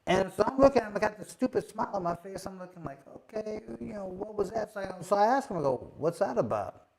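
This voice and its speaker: A middle-aged man tells a story in a relaxed, chatty way, with a voice pitched a little above most men's. He fills his speech with repeated fillers and slips into lively impressions of the people he quotes. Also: fast talker, vocal fry. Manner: animated, acts out quoted voices, many fillers. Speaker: host, former boxing champion. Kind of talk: casual storytelling.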